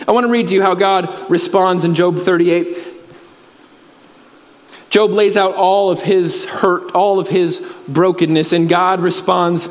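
A man preaching a sermon as a pastor, earnest and repetitive, with emphatic pauses. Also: sits high, steady tone. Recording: reverberant hall.

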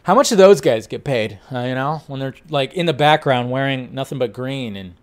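A man hosting a casual entertainment news talk, animated and rambling, laughing often. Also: mid-range voice, moderate pace. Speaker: host.

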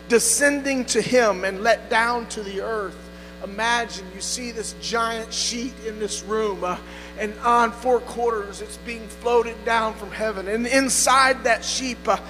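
A man preaching a sermon as pastor, calling on the congregation to answer and rising into shouts. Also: very high voice. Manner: call-and-response preaching, building to shouts. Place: church sanctuary. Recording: music behind, long hall reverb.

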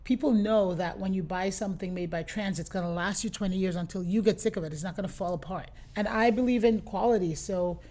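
Lively middle-aged woman telling stories. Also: mid-range voice, brisk, few pauses. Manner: lively anecdotes, acts out customers' lines. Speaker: boutique owner, interview guest. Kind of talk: casual interview storytelling.

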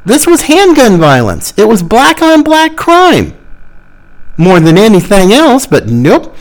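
A man's voice: high voice, wildly swooping pitch, slow pace, poor audio. A man hosting a podcast, delivering sarcastic, exasperated political commentary. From Florida. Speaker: podcast host.

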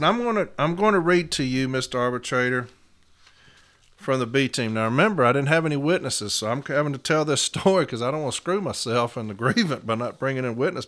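A man's voice: medium pitch, a bit bright. A middle-aged man, a union advocate who tells fellow advocates how he argued a case and drags out key words for stress. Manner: emphatic, slows down to stress contract words. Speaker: union advocate teaching arbitration. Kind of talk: storytelling lesson to fellow advocates.

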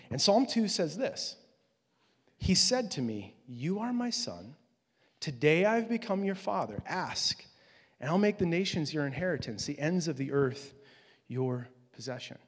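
A man's voice: on the high side, husky. Man preaching in a reverberant hall. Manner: conversational preaching, emphatic swells. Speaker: pastor. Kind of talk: sermon.

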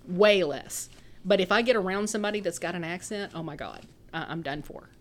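A woman's voice: fairly low pitch, moderate pace, slight background noise. A woman in her thirties with a Texan accent, chatting casually as a podcast co-host, rambling and laughing often. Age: 30s. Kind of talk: casual chat.

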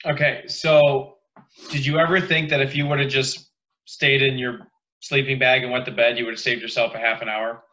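A man's voice: medium pitch, little pitch movement, moderate pace, sharp tone, highs cut off. A man joining casual podcast chat over a video call, dropping dry one-liner quips.

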